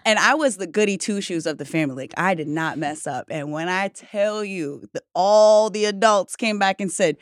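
A woman who is a guest on a podcast, chatting casually as an animated storyteller who laughs often. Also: mid-range voice, moderate pace, few pauses, dry recording, clean studio sound. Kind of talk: casual chat.

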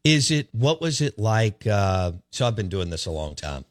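Middle-aged Southern man, radio host, affable, lowish voice, dry mic. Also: sing-song, no room sound. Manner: affable, agreeable, quick endorsements. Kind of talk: casual radio chat.

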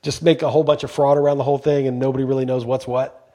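A man's voice: medium pitch, flat delivery, racing, noisy background. A man co-hosting a podcast, talking emphatically in casual chat and swearing freely when he gets going. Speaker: podcast co-host.

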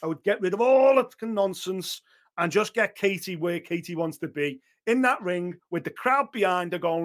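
High-voiced, swearing man talking boxing. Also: animated, moderate pace. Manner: blunt, swears freely, acts out others' words. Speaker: boxing pundit. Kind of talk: opinionated podcast chat.

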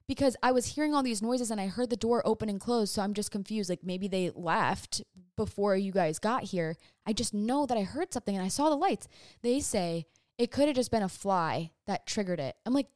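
Young woman, storytime vlog, animated and breathless, filler-heavy, mid-pitched, dry close sound. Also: fairly quick, no room sound. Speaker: vlogger. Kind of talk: casual storytime.

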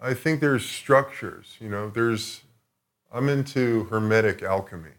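A man with a somewhat low voice chats as a podcast guest. He tells his story loosely, with plenty of swearing and a reflective turn, in a casual, unscripted way. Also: measured pace, a bit bright. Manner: profane, rambling, reflective.

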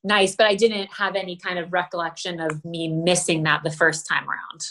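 Effusive pregnant woman, low voice. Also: level tone, normal speed, a bit bright, a little hiss or hum. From Los Angeles, USA. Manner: effusive, acts out quoted exchanges. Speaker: guest. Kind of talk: casual chat.

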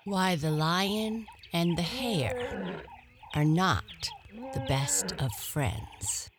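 Casting note: woman reading a bedtime fable, very slow, soft and lively in pitch. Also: noisy background. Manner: gentle, very slow, at times whispered. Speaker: storyteller. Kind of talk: bedtime story narration.

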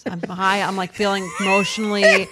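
A woman co-hosting a podcast, bantering quickly with plenty of "like" fillers. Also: mid-range voice, flat delivery, background noise. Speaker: podcast co-host. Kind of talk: casual chat.

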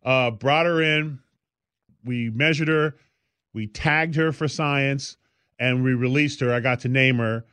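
A man's voice: mid-range voice, measured pace, sharp tone, smooth, dry recording. A man co-hosting a podcast, telling stories in a loose, rambling way with lots of fillers. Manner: rambling storyteller, many fillers. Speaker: podcast co-host. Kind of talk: casual chat.

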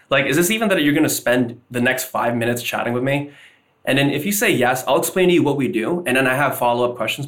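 Male podcast guest, relaxed sales talk with acted call snippets. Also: mid-range voice. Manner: casual, acts out sample cold-call lines. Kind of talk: casual podcast interview.

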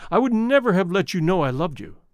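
A man's voice: sits high, very animated, brisk, no room sound. A man voicing an idealistic young man with an impassioned, declamatory manner. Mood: ardent.

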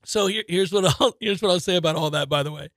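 A man's voice: high-pitched, fast, dry recording, studio quality. A man co-hosting a casual sports talk show, telling stories with lots of acted-out voices and frequent laughter. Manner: animated storyteller, acts out voices, laughs often. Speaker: sports radio co-host.

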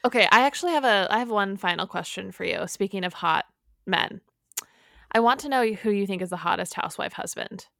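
A woman co-hosts a podcast in a gravelly voice recorded dry and close. She asks questions playfully and eagerly in casual chat. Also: medium pitch, animated, brisk, fairly bright tone, no room sound. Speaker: podcast co-host.

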